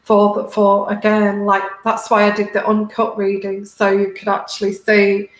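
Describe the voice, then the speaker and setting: A British woman hosting a tarot livestream, talking halting and heartfelt to her viewers, close to tears. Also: medium pitch, monotone, roomy sound, poor audio. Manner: halting, many restarts and fillers, heartfelt. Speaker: tarot reader and livestream host. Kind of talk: casual livestream talk to viewers.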